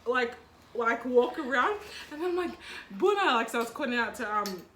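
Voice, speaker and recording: A Fijian woman with a high voice chats over a meal, telling stories with lots of fillers and laughing as she goes. Cutlery and dishes clink behind her in a roomy, echoing space with steady background noise. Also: moderate pace. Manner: animated storytelling, laughing often, many fillers. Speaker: co-host. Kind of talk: casual mukbang chat. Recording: echoey room with background noise.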